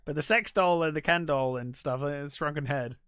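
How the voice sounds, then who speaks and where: A man with a bright, fairly high voice chats through a movie's plot as a podcast co-host. He rambles, stumbling over restarts and scattering fillers as he goes. The recording is dry and close, with no room sound. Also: fairly quick, clean tone, no room sound. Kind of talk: casual film recap chat.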